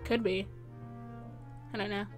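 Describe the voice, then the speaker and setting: A woman's voice: medium pitch, fairly even intonation, a little slow, soft background music. A woman chatting casually and laughing easily while playing a video game with a friend. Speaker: game player. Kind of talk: casual gameplay chat.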